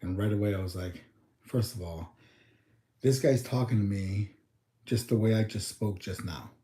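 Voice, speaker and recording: Mellow and on the low side, this young livestream host from the United States speaks at a normal speed in an echoey room. He rambles casually, addressing his chat and working through numbers out loud.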